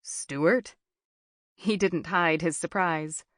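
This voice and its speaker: A woman narrating a thriller audiobook in a measured, even storytelling manner on a close studio mic. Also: fairly low pitch, no room sound.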